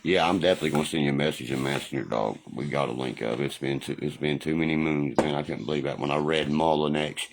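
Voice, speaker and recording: A man chatting on a livestream, telling profane stories loudly and answering viewers' comments. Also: a bass voice, quick pace, gravelly, few pauses, background noise. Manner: profane, loud storytelling, reads and answers comments. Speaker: livestream host. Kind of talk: casual livestream chat, reminiscing. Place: home livestream.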